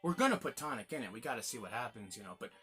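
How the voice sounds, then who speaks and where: A man's voice: medium pitch, big pitch swings, rapid-fire, fairly bright tone, slightly rough, faint music behind. Chatty man reviewing gin. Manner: chatty, rambling, exclaims while tasting. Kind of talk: casual tasting review.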